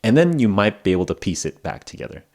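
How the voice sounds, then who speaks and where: A man's voice: fairly low pitch, sing-song, quick pace, darkish tone. A man hosting an English-learning podcast, talking in a casual, rambling way with lots of fillers and laughing at himself. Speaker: podcast host teaching English. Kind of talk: casual spoken lesson. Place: lives in Japan.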